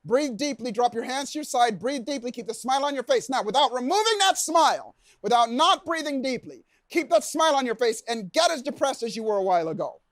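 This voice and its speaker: A man giving a motivational seminar talk to a live audience, telling stories with acted-out shouts and gasps and coaxing the crowd to join in. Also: very high voice, a little fast, few pauses, no echo. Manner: animated storyteller, acts out shouts and gasps, coaxes audience. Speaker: keynote speaker. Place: event lounge before a live audience.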